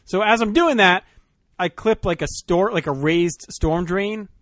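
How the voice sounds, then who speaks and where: Male podcast host, easygoing and profane, fairly high-pitched, dry recording. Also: unhurried, dry recording. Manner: relaxed, swears casually. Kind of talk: casual podcast chat.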